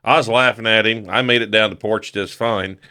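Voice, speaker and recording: Guy w a bright punchy voice telling a drunk story on a podcast, keeps cracking up. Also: lowish voice, fairly even intonation, fairly quick. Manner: laughs through his own story, swears freely. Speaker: podcast guest. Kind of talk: casual storytelling.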